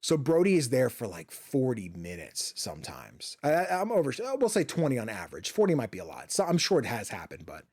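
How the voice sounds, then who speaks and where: A male gaming streamer chats loosely from his home office, with a mid-pitched voice on a desk microphone. He rambles, swears freely and keeps circling back with fillers and restarts. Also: huge pitch swings, a little fast, hardly any pauses, darkish tone, husky. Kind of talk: casual chat while streaming a game.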